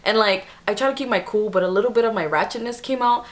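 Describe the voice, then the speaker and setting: Young woman vlogger rambling thru a storytime, lots of "like"s, animated. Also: mid-range voice, quick pace. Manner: chatty, animated retelling with many "like" fillers. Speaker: beauty vlogger. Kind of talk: casual storytime.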